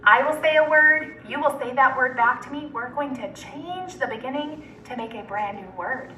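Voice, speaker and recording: Woman teacher, high voice, slow word-by-word phonics drill, recorded from a distance with faint background noise. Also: sharp tone, reverberant. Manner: slow, deliberate word-by-word enunciation.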